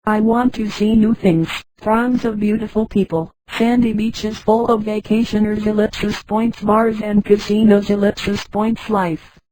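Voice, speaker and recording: A computer-voiced woman reading the lines of a blunt, restless man who craves city life, in a flat delivery. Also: medium pitch, a little slow, close to an everyday voice, poor audio.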